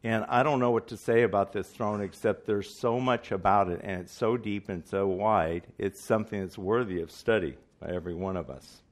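A man preaches a sermon at a church meeting in a fairly low voice. He is earnest and emphatic and often puts questions to his listeners. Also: normal speed, hardly any pauses.

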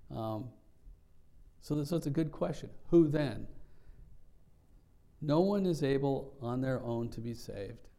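Gravelly, mellow-voiced man preaching. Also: mid-range voice, animated, a little slow, pauses often. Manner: earnest, reflective teaching with frequent restarts. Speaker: pastor. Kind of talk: sermon.

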